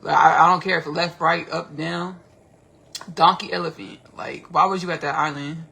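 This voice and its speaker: A woman hosting a casual livestream, talking in an animated, rambling, slangy way and repeating herself often. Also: sits low, moderate pace, gravelly. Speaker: podcast host.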